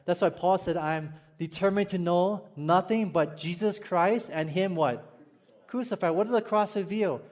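Chuckling Hawaiian pastor, high voice. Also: male voice, normal speed, a little mellow. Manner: storytelling, chuckling, asks the congregation questions. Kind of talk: sermon.

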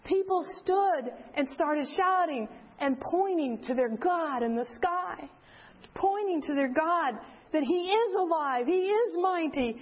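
An older woman giving a sermon, telling a story with lively acted-out quotes. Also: high-pitched, slow. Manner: animated storyteller acting out quotes. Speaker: speaker. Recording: dull lo-fi sound.

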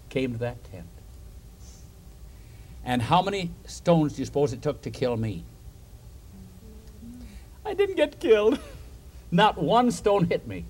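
A male preacher with a slightly husky voice tells a story from the pulpit, his pitch swinging up and down as he goes. He stays animated, asks his listeners questions and chuckles between points, and his voice sits a little high for a man. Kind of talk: storytelling sermon.

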